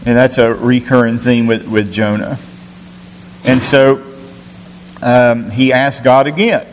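A man's voice: medium pitch, fairly even intonation, a little slow, pauses often. A man preaching a sermon, teaching through a scripture passage with rhetorical questions and frequent restarts. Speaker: pastor. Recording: echoey hall, faint hiss.

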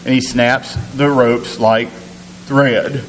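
A man preaching a sermon, reading scripture aloud and retelling it in a conversational, halting way with many restarts and fillers. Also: medium pitch, little pitch movement, big-room sound, slight background noise, rough recording.

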